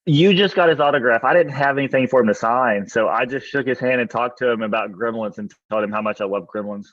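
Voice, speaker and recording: A man's voice: medium pitch, fast talker, a bit bright, dry recording, recorded from a distance. Laid back guy on a podcast, sounds off mic, dull dry audio. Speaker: podcast co-host. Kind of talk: casual chat.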